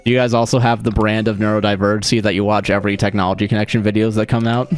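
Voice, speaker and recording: A young man from Florida, chatting casually and rambling while he streams a game, swearing freely and laughing often. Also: mid-range voice. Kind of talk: casual livestream chat while gaming.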